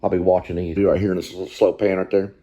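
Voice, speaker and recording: A man's voice: low-pitched, flat delivery, fast, mellow, slight background noise. A man giving rambling, folksy commentary while watching a film, swearing casually and repeating himself. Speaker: vlogger.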